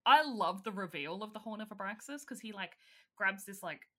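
A woman's voice: medium pitch, expressive, moderate pace, fairly bright tone. A woman casually recapping a film's plot, giggling often. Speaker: podcast co-host. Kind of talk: casual chat recapping a film.

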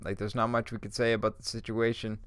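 A man's voice: fairly low pitch, little pitch movement, fast talker, clear, resonant tone, dry recording, clean studio sound. A man hosting a podcast alone, stoned, rambling in a laid-back, profane way and laughing often. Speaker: podcast host.

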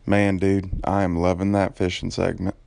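A man's voice: sits low, little pitch movement, normal speed, creaky, very noisy, voice pushed down. A man voicing an eager male caller with a put-on Southern US country drawl.

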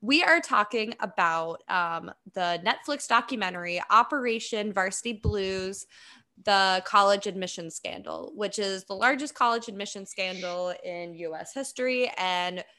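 Lively chatty woman podcast host. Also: mid-range voice, a little slow. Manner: chatty, laughs often, rambling. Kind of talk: casual chat.

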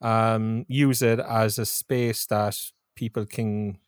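A man's voice: on the low side, takes it slowly, clean tone, no echo. Dry-voiced podcast co-host, a man. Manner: steady, matter-of-fact, reads a list aloud. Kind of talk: casual chat.

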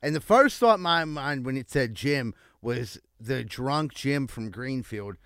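A man's voice: medium pitch, animated, measured pace, a bit bright, smooth, no echo, clean studio sound. A male radio host telling rambling, profane stories in a casual chat. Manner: rambling, profane storytelling with lots of fillers.

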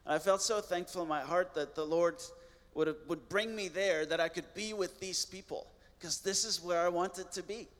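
An earnest man tells his testimony as a missionary guest, his slightly high voice ringing with a long hall reverb. He talks plainly and restarts words now and then. The tone stays sincere throughout. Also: moderate pace, a bit bright. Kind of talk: personal testimony storytelling.

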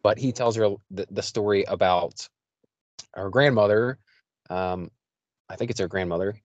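A man's voice: fairly low pitch, normal speed, no room sound, highs cut off. A man from the United States hosting a podcast, recapping an episode in a loose, rambling way with lots of fillers. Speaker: podcast host. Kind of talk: casual chat.

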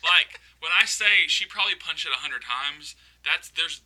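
Bright-toned man chuckling through a story. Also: fairly high pitch, moderate pace, rough recording. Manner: chuckling, teasing asides. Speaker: podcast co-host. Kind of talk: casual storytelling chat.

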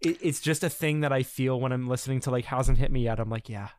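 A man's voice: medium pitch, fast, darkish tone, clear, resonant tone, dry recording, clean studio sound. A man co-hosting a casual music podcast, talking in an enthusiastic, rambling way with many restarts and fillers. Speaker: podcast co-host.

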